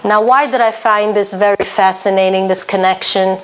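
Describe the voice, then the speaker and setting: A woman's voice: medium pitch, fairly even intonation, normal speed, clear, resonant tone. A woman teaching a Torah lesson for women, earnest and emphatic, her talk full of Hebrew terms.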